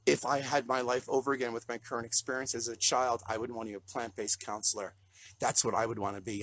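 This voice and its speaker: Brief: tearful, earnest man on a live stream, gravelly and husky, rambling and choked up. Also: medium pitch, fairly bright tone, no room sound. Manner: earnest, rambling, repeats himself when moved. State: choked up, near tears. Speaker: plant-based chef and counselor. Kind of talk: emotional live-stream talk to followers. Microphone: live video call.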